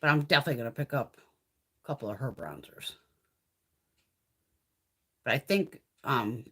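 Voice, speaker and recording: A woman talks casually on a live beauty stream while she does her makeup. She is blunt and swears constantly, and her pitch jumps up and down as she chats. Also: fairly bright tone, breathy edge. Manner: profane, chatty and blunt. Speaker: beauty vlogger.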